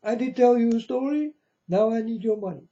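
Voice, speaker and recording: A man putting on the voice of a whimpering fake preacher who begs for money, in a tearful, whining, high mocking tone. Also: brisk, warm tone. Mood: mock weeping. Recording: dull lo-fi recording.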